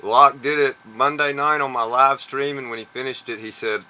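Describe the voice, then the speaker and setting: A man's voice: medium pitch, fairly even intonation, normal speed, hardly any pauses, crowd noise, poor audio. A man with a Southern US accent chatting on a video call, folksy and chuckling as he talks about his trivia show. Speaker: guest, trivia show host. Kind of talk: casual chat on a video call.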